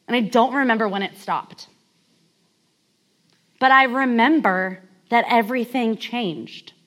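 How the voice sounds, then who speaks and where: A woman's voice: on the high side, fairly bright tone. A woman in her thirties from California giving a candid, conversational sermon told as a personal story, with many casual fillers. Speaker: speaker.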